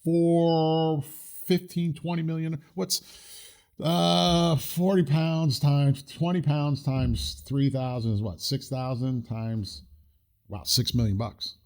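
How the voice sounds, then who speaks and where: A man's voice: fairly high pitch, fairly even intonation, slow, a little mellow. A man hosting a casual podcast, telling a story in an indignant, rambling way with frequent restarts. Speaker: podcast host.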